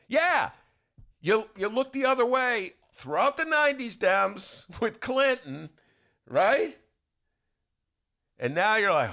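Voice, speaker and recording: A man's voice: high-pitched, huge pitch swings, slow pace, long pauses, bright, forceful tone. A man giving an indignant, stumbling political rant on a talk podcast, recorded at a studio microphone. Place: radio-style studio.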